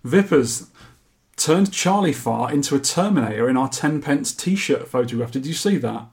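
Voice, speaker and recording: A man's voice: medium pitch, animated, normal speed, darkish tone. A man hosting a podcast, chatting casually and reading out listener feedback with jokey asides. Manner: jokey, chatty, laughs at his own quips. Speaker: podcast host.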